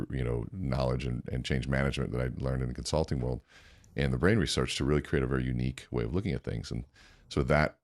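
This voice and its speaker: Man, podcast guest, very low voice, dry close sound, energetic anecdotes. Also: no echo. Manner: energetic, acts out dialogue in his anecdotes. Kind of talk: animated storytelling.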